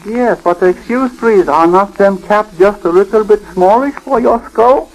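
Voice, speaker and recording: An actor playing a timid, bumbling foreign manservant in a 1940s radio comedy, speaking broken English and ending every request with please. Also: male voice, high voice, a little slow, poor audio. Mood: puzzled. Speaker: butler's sidekick in a radio comedy.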